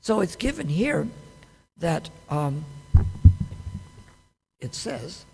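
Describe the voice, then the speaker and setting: A man's voice: a little high, very animated, very slow, creaky, slight background noise. A man giving a scripture class, teaching conversationally with many rhetorical questions. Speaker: class speaker. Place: temple hall. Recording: long hall reverb.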